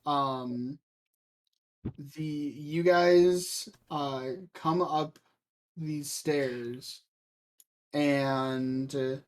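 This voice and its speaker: A man running a tabletop game as game master, pausing often with ums and uhs. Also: on the high side, fairly even intonation. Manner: halting, full of ums and uhs.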